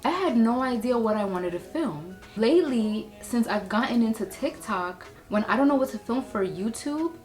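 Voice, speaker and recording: A young woman speaks straight to her viewers in a loose, confessional vlog style. Her voice sits at an ordinary middle pitch, and she drifts between thoughtful asides and bursts of excitement. Soft music plays faintly behind her. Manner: candid, chatty, swings between reflective and excited. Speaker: beauty and lifestyle creator. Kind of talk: casual vlog monologue.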